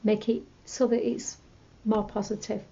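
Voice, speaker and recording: A woman teaching a tapping technique, calmly repeating example phrases as she explains. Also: medium pitch, unhurried, highs cut off. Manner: calm, repetitive, demonstrates scripts aloud. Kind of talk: instructional talk to camera.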